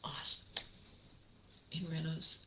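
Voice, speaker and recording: A woman hosting her own channel, talking casually to viewers, laughing often and drifting into slow, reflective musing. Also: noisy background. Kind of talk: casual livestream chat with viewers.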